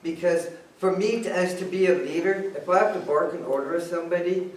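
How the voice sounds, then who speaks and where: A man's voice: high voice, brisk, a little hiss or hum. A man giving a casual, joking club speech at a meeting. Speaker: club speaker. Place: meeting room. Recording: echoey room, far off.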